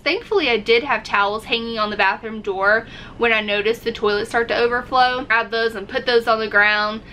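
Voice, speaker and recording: A woman's voice: on the high side, fairly even intonation, a little fast, sharp tone, a little hiss or hum, poor audio. A woman vlogger casually telling a story to camera, acting out her own reactions as she goes. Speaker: RV-living vlogger.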